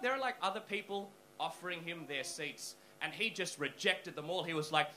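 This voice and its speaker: Animated high-voiced male stand-up comic. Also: a little hiss or hum, low-quality recording. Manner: animated, swearing, fast storytelling. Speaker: stand-up comedian. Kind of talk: stand-up comedy storytelling. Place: comedy club stage.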